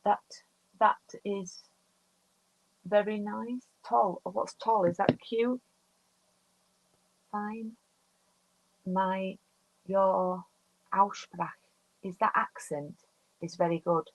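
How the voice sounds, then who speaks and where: A woman's voice: mid-range voice, fairly even intonation, very slow, pauses often, dry recording, dull audio. A woman in her fifties from the UK, chatting casually as she demonstrates card making and reads out viewer comments. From United Kingdom. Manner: chatty, talks through each step while working. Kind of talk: casual live crafting chat.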